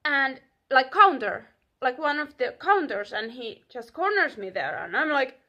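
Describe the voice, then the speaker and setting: A young woman telling a story casually, animated and swearing, acting out what people said. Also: high-pitched, measured pace, dull audio. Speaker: vlogger.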